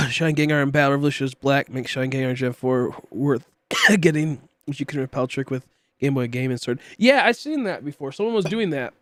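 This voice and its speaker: A man's voice: medium pitch, animated, normal speed, fairly bright tone, no echo. A young man streaming and chatting casually with viewers, rambling with many fillers and coughing often from a tickly throat. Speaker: livestreamer.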